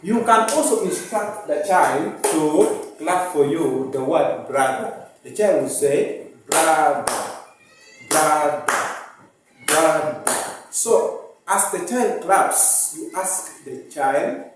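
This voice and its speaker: A man's voice: fairly high pitch, lively intonation, slow, noisy background. A male teacher with an East African English accent giving a phonics lesson, repeating words and sounding out syllables patiently. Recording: echoey room, mic at a distance.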